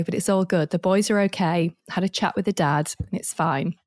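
A woman co-hosting a podcast, telling stories with animated energy and acting out the voices of the people in them. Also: fairly low pitch, normal speed, no room sound, studio quality. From northern England. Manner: animated storytelling, acts out voices. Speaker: podcast co-host. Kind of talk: casual chat.

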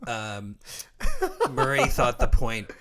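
A man's voice: mid-range voice, wildly swooping pitch, slow, a bit bright, clear, resonant tone. A man from Canada co-hosting a podcast, chatting casually about the sport and laughing often. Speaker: podcast co-host. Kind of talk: casual chat.

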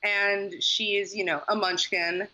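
A young woman co-hosting a gossip podcast with wry, deadpan jokes. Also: medium pitch, measured pace, poor audio. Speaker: podcast co-host. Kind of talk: casual celebrity gossip chat.

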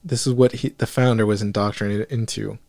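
A man hosting a podcast, reading a text aloud haltingly with fillers and skipped words. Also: lowish voice, fairly even intonation, vocal fry, darkish tone, dry recording. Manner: reads haltingly, with fillers and skips. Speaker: podcast host.

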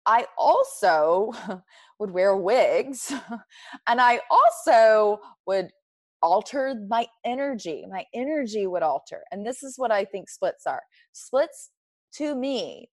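A woman talks openly as a guest in a conversation, her voice recorded close and dry with no room sound. She is reflective and emphatic and breaks easily into laughter. Her pitch sits at a middle level for a woman. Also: no echo. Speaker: interview guest. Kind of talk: candid personal conversation.

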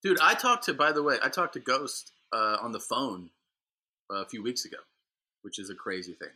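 A man's voice: mid-range voice, lively intonation, moderate pace, pushed and bright, slightly rough. A man, a comedian on a podcast, telling profane stage stories in casual chat and doing mock voices for the people in them. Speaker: comedian guest.

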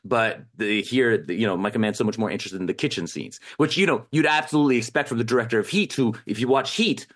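A man's voice: mid-range voice, animated, fast talker, hardly any pauses, a bit bright. A film critic, a man, giving a thoughtful, rambling analysis on a podcast. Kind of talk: podcast discussion.

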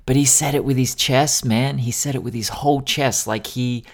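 A man's voice: medium pitch, steady tone, normal speed. A man co-hosting a podcast, telling stories casually, laughing and swearing freely. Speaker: podcast co-host.

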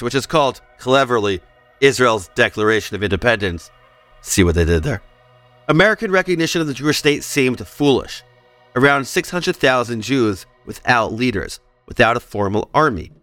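Male podcast host, mid-pitched, scripted history narration with jokey asides; faint music bed underneath. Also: a bit bright. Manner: playful asides between serious narration.

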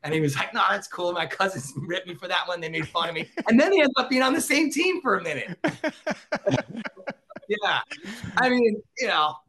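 A young man who is a podcast guest, telling animated stories and laughing often. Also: high-pitched, normal speed. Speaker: podcast guest, former celebrity street reporter. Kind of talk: casual storytelling.

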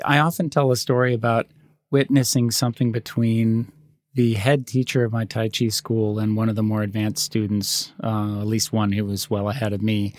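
Reflective man telling gentle stories. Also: on the low side, no room sound, clean studio sound. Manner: reflective storyteller, gentle and animated in anecdotes. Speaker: podcast co-host. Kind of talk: casual conversation.

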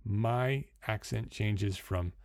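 A man's voice: lowish voice, extremely slow, no room sound. A man from New Jersey with a New Jersey accent, hosting an unscripted instructional talk into a studio microphone, with many fillers and restarts. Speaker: host.

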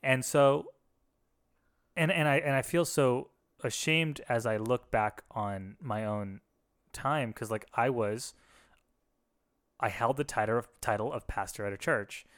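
A man's voice: mid-range voice, measured pace, long pauses, fairly bright tone. Man talking candidly in casual chat. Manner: candid, reflective, talks in restarts and asides. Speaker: podcast co-host, former pastor. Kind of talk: casual conversation.

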